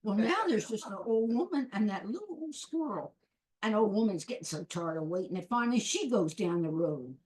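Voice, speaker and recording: A woman's voice: medium pitch, animated, a little fast, a little mellow. Rhythmic woman telling a folk tale. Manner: rhythmic, repetitive, with sound words. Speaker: storyteller.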